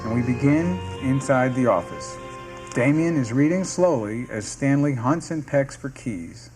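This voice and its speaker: A man narrating the stage directions of a sitcom script in a steady, descriptive reading. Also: mid-range voice, measured pace. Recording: music playing underneath.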